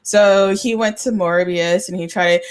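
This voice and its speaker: A woman co-hosting a podcast, chatting casually about a show in a relaxed, agreeable way and laughing often. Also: on the low side, measured pace, smooth. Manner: relaxed, agreeable, frequent back-channel and laughter. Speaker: podcast co-host. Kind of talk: casual review chat.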